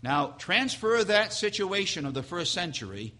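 A male pastor preaching a dramatic sermon in a church sanctuary, swinging from hushed to loud as he tells a story. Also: sits high, big pitch swings, moderate pace.

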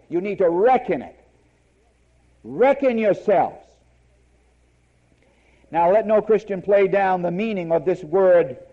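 A man's voice: high voice, highs cut off. A man preaching a sermon, emphatic and repeating key words for stress.

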